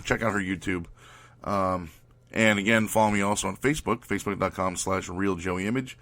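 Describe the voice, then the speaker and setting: A man's voice: fairly low pitch, a bit bright, no echo. A man hosting his podcast, telling rambling, profane stories packed with fillers. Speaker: podcast host. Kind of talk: casual storytelling.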